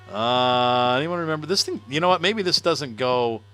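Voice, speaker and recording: A man's voice: medium pitch, pushed and bright, smooth. A middle-aged man chatting casually on a game livestream, laughing often and answering viewer comments. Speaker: gaming livestreamer. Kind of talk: casual live-stream chat while playing.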